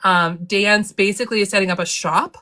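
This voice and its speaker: A woman's voice: mid-range voice, fairly even intonation, fairly quick, bright, forceful tone. A woman hosting a casual live book club chat, rambling with frequent restarts and laughing as she talks. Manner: rambling, restarts often, laughs while talking.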